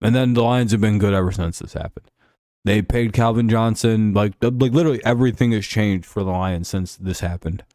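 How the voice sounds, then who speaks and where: A man's voice: lowish voice, fairly quick, a little mellow, dry recording, studio quality. A man hosting a casual football talk show, ranting and sarcastic with plenty of swearing. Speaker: host.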